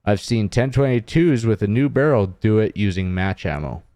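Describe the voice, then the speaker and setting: This man speaks with a lowish voice, relaxed and chatty, as he runs the show and reads out comments. The sound is dry and close, with no room around it. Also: normal speed, dry recording. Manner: steers the talk, reads out listener comments. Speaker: podcast host. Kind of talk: casual chat.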